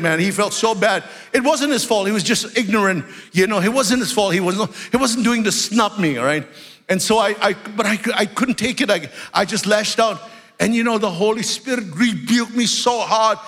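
High-voiced animated preacher in a hall. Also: male voice, moderate pace. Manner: animated storytelling, shouting at peaks. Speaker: pastor. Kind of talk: sermon. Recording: live sermon in a reverberant hall.

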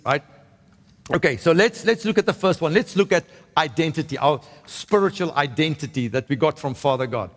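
Guy preaching in a church hall, kinda high voice, chatty, keeps saying right?, long echo. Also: expressive, fairly quick, fairly bright tone. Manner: conversational, frequent "right?" and restarts. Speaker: pastor. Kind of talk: sermon.

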